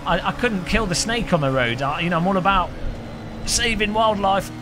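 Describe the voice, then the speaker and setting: Brief: male streamer, high, very animated voice, jokey race commentary over loud game noise. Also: moderate pace. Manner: excitable, jokey banter with chat. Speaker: live streamer. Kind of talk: live sim racing commentary. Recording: game engine noise behind voice.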